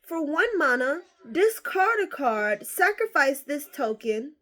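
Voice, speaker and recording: Woman, high voice, very lively pitch, excitable, swearing, unboxing cards. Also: takes it slowly. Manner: excitable, swearing, swings from hushed to squealing. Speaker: card collector opening booster packs. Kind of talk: casual unboxing vlog.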